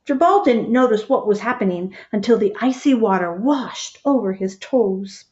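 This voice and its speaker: A woman reading a picture book aloud, gentle and expressive, stopping to point out the pictures. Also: medium pitch, moderate pace, few pauses, highs cut off. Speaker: storybook reader.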